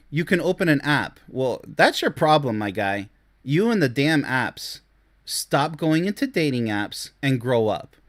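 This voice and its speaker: A man's voice: a little high, fairly bright tone. Blunt, scornful male relationship commentator. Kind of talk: reaction commentary on read-out posts.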